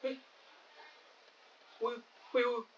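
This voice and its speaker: A young man, playing a weak student in a hospital bed who pleads in a halting way and repeats himself. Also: extremely high pitch, level tone, dull audio, slight background noise, heavily acted. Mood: pleading. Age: young adult. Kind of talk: film acting.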